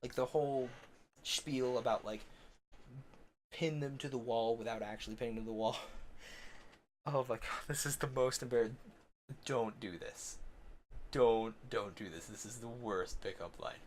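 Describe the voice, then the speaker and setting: A man's voice: medium pitch, steady tone, normal speed, long pauses, slight background noise. Young man telling stories on stream. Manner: rambling, self-mocking, often laughing. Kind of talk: casual storytelling on a game stream.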